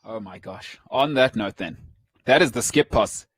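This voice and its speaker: A man hosting a sports talk show, teasing his co-host in a playful, animated way. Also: lowish voice, a little slow, husky, dry recording.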